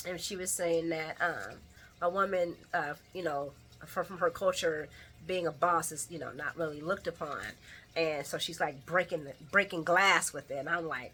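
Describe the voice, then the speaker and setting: Woman vlogger, chatty recap commentary, slangy and laugh-prone, lively pitch swings, bright tone. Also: slight background noise. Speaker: soap opera recap vlogger.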